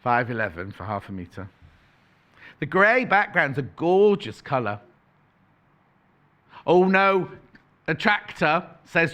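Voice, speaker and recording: A man with a slightly high, pushed, bright, and smooth voice presents on a shopping channel, very animated yet slow, with long pauses. He chats playfully in live sales patter, correcting himself and reading out prices as he goes.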